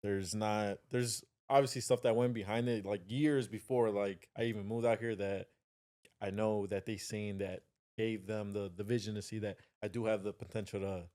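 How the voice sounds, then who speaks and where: A man's voice: fairly low pitch, fairly even intonation, normal speed, darkish tone. A man from Chicago, a guest on a podcast, talking in a laid-back, rambling way. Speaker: podcast guest, video editor. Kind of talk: casual podcast chat.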